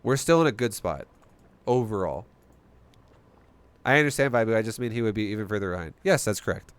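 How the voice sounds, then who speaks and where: A man streaming a strategy game, explaining his play in an animated, swearing, rhetorical way. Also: lowish voice, fairly quick, clean tone, no echo. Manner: animated, profane, rhetorical questions. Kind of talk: live-stream commentary.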